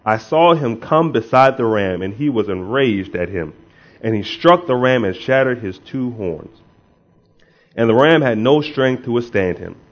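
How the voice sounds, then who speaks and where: A man's voice: medium pitch, animated, a little slow. A man preaching as a pastor, speaking in a conversational way that rises into emphatic bursts, praying and reading scripture aloud. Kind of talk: sermon with prayer and scripture reading. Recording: dull lo-fi sound.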